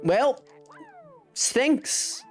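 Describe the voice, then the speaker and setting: A woman's voice: high-pitched, lively intonation, drawn-out words, darkish tone. A young adult woman streaming a game, chatting in a rambling way, swearing freely and laughing mid-sentence. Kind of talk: casual live-stream chat while gaming. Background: faint game music.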